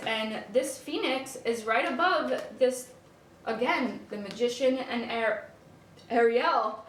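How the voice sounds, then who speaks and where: A woman's voice: fairly high pitch, slow pace. A woman giving a casual spiritual card reading to viewers, effusive and gushing, often repeating herself. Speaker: tarot card reader. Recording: echoey room with faint background noise.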